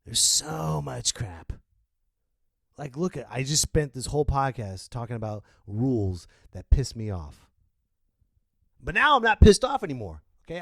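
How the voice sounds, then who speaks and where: A man hosting a solo podcast rant, swinging between loud outbursts and low muttering and laughing at himself. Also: no echo, clean studio sound. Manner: self-mocking, laughs at himself. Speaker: podcast host.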